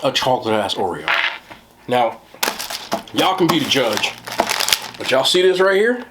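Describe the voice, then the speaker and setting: A man's voice: mid-range voice, sing-song, measured pace, noisy background. A man with a New Jersey accent doing a casual food review, blunt, profane and joking.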